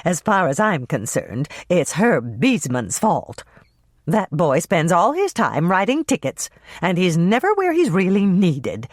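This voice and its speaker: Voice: medium pitch, huge pitch swings, a little slow, no echo, clean studio sound. An audiobook narrator voicing Dolores, a proud and bossy mother who talks in a grand, condescending way.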